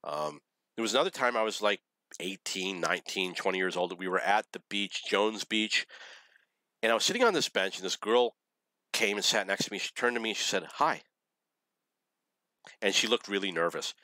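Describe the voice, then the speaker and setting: A man's voice: deep voice, expressive, fairly quick, bright, forceful tone, dry recording. A middle-aged man telling rambling personal stories in a blunt, opinionated way, laughing at his own memories. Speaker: vlogger telling dating stories.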